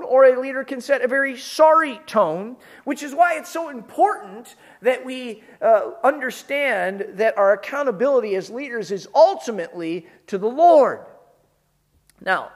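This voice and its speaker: Pastor, sermon, emphatic, conversational, earnest. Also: medium pitch.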